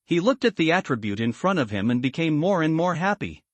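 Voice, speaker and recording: A man reading a translated comic story aloud as a recap narrator, in a steady, even manner. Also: a little high, fairly quick, dry recording.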